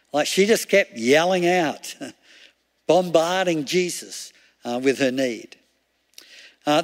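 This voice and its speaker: A man's voice: fairly high pitch, fairly bright tone. A male preacher giving a chatty sermon, often laughing and asking rhetorical questions. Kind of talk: conversational sermon. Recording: long hall reverb.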